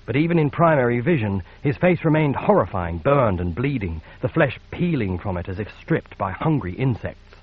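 A man with a husky, mid-pitched voice reads narration at a measured, steady pace. The recording sounds dull and lo-fi. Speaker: audiobook narrator. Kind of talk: scripted narration.

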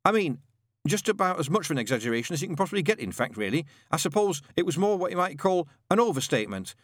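A man's voice: fairly high pitch, very animated, fast talker, a bit bright, no room sound, clean studio sound, voice pushed up. A man reading an audiobook voices Newt, a nervous, hapless young man who rambles wretchedly. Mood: flustered. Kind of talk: audiobook narration.

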